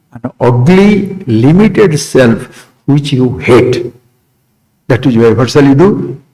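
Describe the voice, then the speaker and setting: A spiritual teacher, a man, delivers a discourse in short, repeated phrases, posing rhetorical questions and shifting from quiet remarks to sudden bursts of high emphasis. The recording quality is low.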